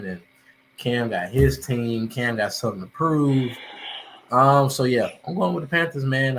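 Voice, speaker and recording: A man's voice: mid-range voice, gravelly, fairly bright tone, a little hiss or hum, poor audio. A man contributing to a casual sports show, easygoing and rambling.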